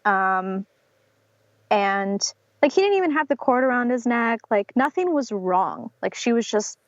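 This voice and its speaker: A woman's voice: a little high, expressive, a little slow, no room sound. A young woman from North Carolina telling a personal story as a podcast guest, with many fillers like "um" and "like", acting out what others said to her. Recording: slightly dull lo-fi podcast audio.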